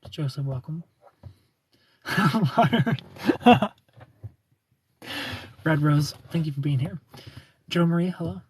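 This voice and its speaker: Chatting casually with his livestream audience, a young Southern-accented man from the U.S. playfully calls out viewers by name. He speaks a little fast in a steady, on-the-high-side voice with a darkish, slightly breathy quality.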